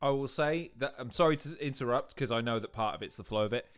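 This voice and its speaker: A man's voice: medium pitch, fast talker, slight background noise. A man hosting a casual watch-along, chatty and swearing, with hesitant restarts. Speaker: host reacting to a video.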